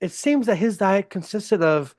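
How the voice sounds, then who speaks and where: A man's voice: high-pitched, lively intonation, measured pace, darkish tone, no room sound, studio quality, voice pushed up. A man playing a lecturing future professor. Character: male future professor teaching a younger scientist.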